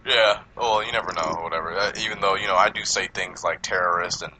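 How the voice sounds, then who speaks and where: A man hosting a casual movie podcast, rambling and profane, acting out quotes and laughing loudly. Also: sits low, steady tone, fast talker, slight background noise, poor audio.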